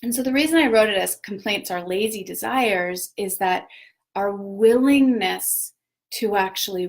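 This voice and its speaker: A woman, a parent, hosting a casual live talk on personal growth, chatty and reflective, with many fillers and self-corrections. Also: mid-range voice. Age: adult parent of children. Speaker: host of a live video talk.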